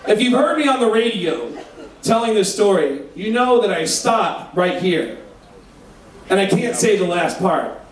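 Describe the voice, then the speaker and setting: A man doing stand-up on stage, telling an animated, profane story. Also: high-pitched, measured pace. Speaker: stand-up comedian. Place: live show on a cruise ship. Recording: echoey hall from far off.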